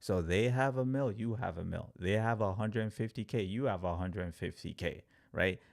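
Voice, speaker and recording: A man teaching crypto trading on a livestream, talking in an animated, story-driven way with lots of fillers. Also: lowish voice, normal speed, gravelly. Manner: animated storyteller, acts out quotes, filler-heavy "like". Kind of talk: livestream talk to viewers.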